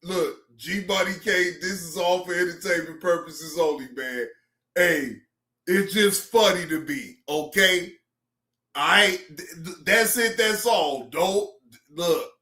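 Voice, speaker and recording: A man's voice: high voice, slow pace, bright, forceful tone, echoey room. A man hosting a casual live-stream reaction show, who laughs often, swears freely and repeats himself.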